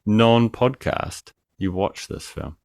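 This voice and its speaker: A man's voice: fairly low pitch, expressive, slow, gravelly, a little mellow, no room sound. A man co-hosting a podcast over a remote call, ranting crudely and joking in casual banter. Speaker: podcast co-host.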